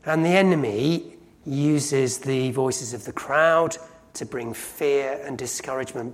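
A man preaching a sermon, telling a story in a conversational way and often slowing down to emphasize lines. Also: mid-range voice. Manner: conversational storytelling with sudden loud acted cries.

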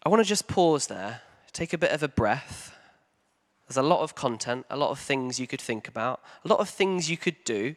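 A man as a pastor giving a sermon in a church hall, talking conversationally with frequent ums and animated emphasis. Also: medium pitch, normal speed.

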